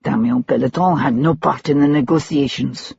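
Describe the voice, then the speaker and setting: A narrator voicing a curt, dismissive middle-aged French diplomat with a French accent, on a dull lo-fi recording. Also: male voice, mid-range voice, normal speed, vocal fry, darkish tone, a little hiss or hum. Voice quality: dismissive, clipped.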